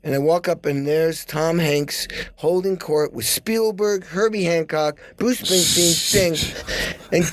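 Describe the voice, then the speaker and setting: A middle-aged man telling backstage stories on a podcast, animated, acting out what people said and humming rhythms aloud. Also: slow. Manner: animated, acts out quotes with excited jumps in pitch. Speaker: podcast guest. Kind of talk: casual storytelling chat.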